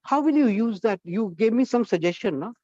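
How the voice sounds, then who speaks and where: A man's voice: high voice, expressive, brisk, mellow, dry recording, lo-fi sound. A man leading a college workshop, coaxing students and firing questions at the class. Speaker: guest trainer at a college workshop. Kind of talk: interactive classroom talk.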